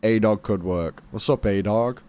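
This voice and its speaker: A man's voice: lowish voice, measured pace, a little mellow, clean tone, no room sound. A young British man streaming a game, chatting casually with his chat and swearing now and then.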